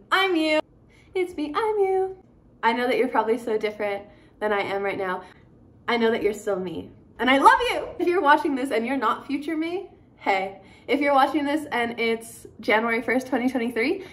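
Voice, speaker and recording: Young female vlogger, a touch high-pitched, earnest and affectionate, casual direct-to-camera talk. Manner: warm, earnest, rambling and affectionate.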